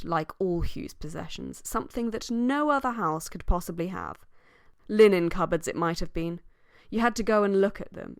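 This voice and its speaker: Expressive woman reading an audiobook. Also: clean tone, no room sound, clean studio sound. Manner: expressive, shifting pitch for emphasis. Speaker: audiobook reader. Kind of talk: scripted audiobook narration.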